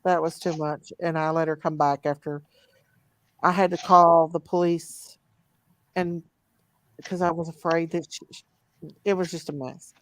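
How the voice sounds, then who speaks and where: A woman's voice: low voice, level tone, unhurried, pauses often, dry recording. A woman hosting a casual late-night livestream chat, chatty and laughing often, with a drawling country way of talking. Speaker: channel host.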